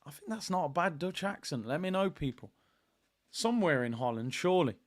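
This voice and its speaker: Male watchalong host, high-pitched, excitable live match commentary. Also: a little fast. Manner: excitable, chatty, reacting to play and chat messages.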